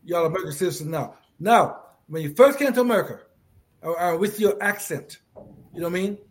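A middle-aged man conducts a relaxed interview, his voice sitting a little high for a man. He is encouraging and laughs easily. He stumbles and repeats words as he goes. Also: fast. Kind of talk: casual interview.

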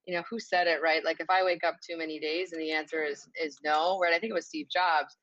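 A woman's voice: low voice, fairly even intonation, fast, a bit bright, muffled recording. A woman co-hosting a casual panel talk, reflective, thinking aloud with many fillers.

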